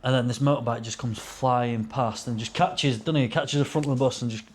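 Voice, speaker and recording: A man's voice: steady tone, a little fast, a little mellow, a little hiss or hum. Rambling young man telling stories. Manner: rambling anecdotes, swearing, acts out quotes in a higher voice. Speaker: podcast guest, racing driver. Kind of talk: casual storytelling chat.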